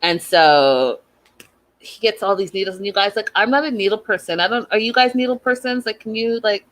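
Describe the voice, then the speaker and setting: Speaking in a mid-range voice at a quick clip, this host runs a laid-back reality TV recap. She chats directly with her audience, leans on "like" constantly, and shares strong opinions as she thinks aloud.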